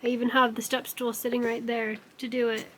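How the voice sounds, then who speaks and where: A young woman talks casually to camera at home, her voice sitting a bit high. She chats about her plans and her cats, slipping into soft baby talk for them. Faint background hiss sits under the recording. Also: level tone, fairly quick. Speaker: vlogger. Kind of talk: casual vlog chat. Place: home room.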